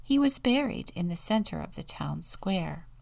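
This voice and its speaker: A woman deacon reading a children's storybook aloud in a slow, soft, often hushed manner. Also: on the low side, sing-song, vocal fry.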